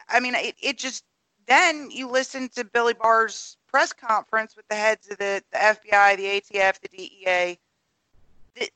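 A woman co-hosting a podcast in casual political chat, speaking in a steady, measured way as she cites figures. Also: on the high side, no room sound, low-quality recording. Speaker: podcast co-host.

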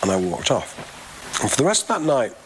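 A man's voice: mid-range voice, very animated, a little fast. A middle-aged man, the founder of a record label, telling wry, self-mocking anecdotes in an archive interview. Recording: faint background noise.

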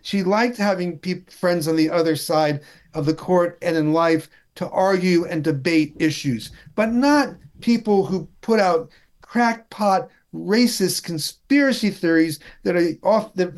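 A man talking politics in a relaxed chat, with a voice that sits a little high. He is wry and indignant and often restarts his sentences. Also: measured pace. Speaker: political commentator.

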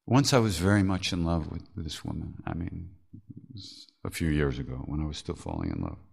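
A man's voice: a bass voice, animated, brisk, creaky, a little mellow, husky. An older man hosting a podcast, telling spiritual stories candidly, laughing often and swearing casually. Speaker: podcast host. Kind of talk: reflective spiritual storytelling.

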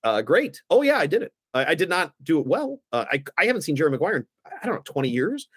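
A man, a guest on a podcast, telling stories in a casual, animated way and acting out the other people's lines. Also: fairly high pitch, fast talker, slightly rough, no room sound, clean studio sound. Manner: animated anecdotes, acts out the other voices. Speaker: guest, former aldermanic candidate. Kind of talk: casual storytelling.

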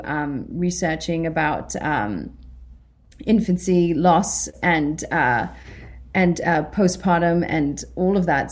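A woman's voice: on the low side, darkish tone. British woman actress chatting on a podcast, laughs a lot, acts out little quotes. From Britain. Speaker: actress guest. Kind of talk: casual interview chat.

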